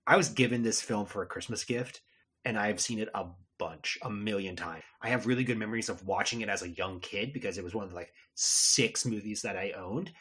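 A man co-hosting a podcast in casual chat, speaking lively with lots of fillers. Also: on the low side, fairly quick, husky. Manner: lively, uses many fillers like "like". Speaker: podcast co-host.

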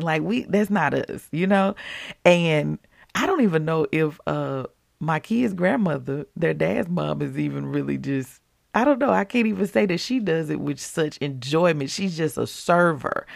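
A woman giving a casual devotional talk in a chatty, animated way, acting out little quotes as she goes. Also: sits low, measured pace, gravelly, no echo, clean studio sound. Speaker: devotional speaker.

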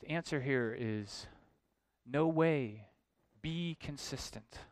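A man preaching an expository sermon, emphatic and building to forceful points. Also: mid-range voice, slow, no room sound. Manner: emphatic, rising to forceful exclamations.

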